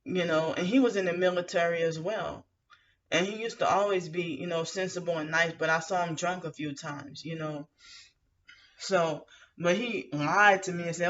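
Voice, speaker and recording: Rambling woman venting, bright and distant. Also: on the low side, steady tone, normal speed, a little hiss or hum. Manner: rambling, with frequent fillers and restarts; aggrieved, indignant. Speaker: vlogger. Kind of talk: venting monologue to camera. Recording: muffled lo-fi audio from some distance to the mic.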